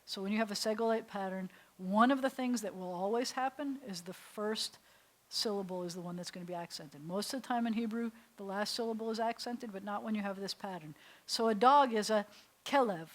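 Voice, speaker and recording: An American woman rabbi leads a beginners' class, patiently sounding out each letter and syllable. Her voice sits at an ordinary pitch. She slips in light, joking asides between explanations. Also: fairly quick, low-quality recording. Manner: playful asides. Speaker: rabbi teaching beginning Hebrew. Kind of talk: classroom lesson. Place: synagogue classroom.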